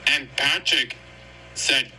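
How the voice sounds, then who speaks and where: A man's voice: medium pitch, takes it slowly, noisy background. A man casually retelling a cartoon episode in a rambling, repetitive way. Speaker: storyteller.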